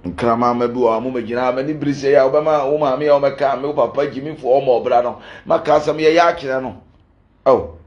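A man's voice: medium pitch, fairly quick, a little mellow, roomy sound, lo-fi sound. A man with a Ghanaian accent, a pastor giving a heated, defiant rant and switching between Twi and Pidgin English.

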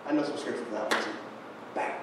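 A man's voice: lowish voice, fast talker. A young man giving a guest sermon in a church, telling a fishing story with self-deprecating humor. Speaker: guest preacher. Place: church sanctuary. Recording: echoey church room from far off, noisy.

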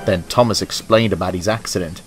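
A man narrating a children's storybook tale about engines in a gentle, expressive way. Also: low voice, a little fast. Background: music.

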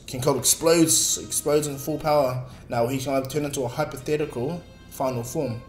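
A man's voice: medium pitch, steady tone, a little fast, few pauses, darkish tone. A man casually narrating a fan story in a rambling way, with filler words. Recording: echoey room, faint music.

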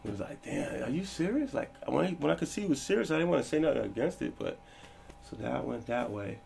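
A man in his forties telling stories from his past in a casual interview, animated and quick to act out the people in them. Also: mid-range voice, slight background noise. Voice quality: gravelly, husky. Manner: animated, acts out quoted people with a raised voice. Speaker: interview guest.

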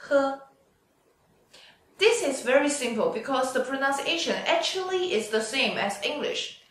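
In a very echoey room, heard from off mic, a woman teaches Chinese through a slow pinyin drill lesson. Her fairly high, slightly bright voice patiently stretches out each sound so students can repeat it.

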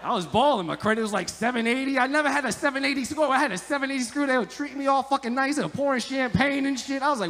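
High-voiced profane comedian. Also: male voice, very fast, few pauses. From Montclair, New Jersey. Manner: loud, profane, joking banter with the audience. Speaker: stand-up comedian. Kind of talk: stand-up crowd work. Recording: echoey live comedy venue.

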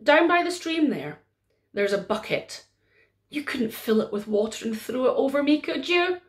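A chatty magical rocking chair, put on by a woman telling a folk tale, speaking a little louder and slower than the narration around it. It grumbles about the heat. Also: high-pitched, big pitch swings.

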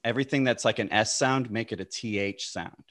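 A man performing improvised comedy with playful, rambling, deadpan asides. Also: lowish voice, fairly quick.

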